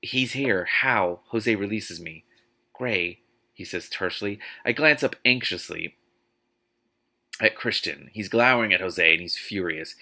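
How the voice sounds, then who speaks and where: Sarcastic man reading aloud, low and bright. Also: vocal fry. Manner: exasperated, sarcastic asides. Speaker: host reading a book aloud. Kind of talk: book reading with commentary.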